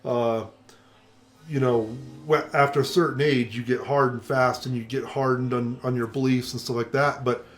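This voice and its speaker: An older man co-hosts a casual conversation at a moderate pace, his voice medium in pitch. He's an animated storyteller who acts out the voices of the people he quotes.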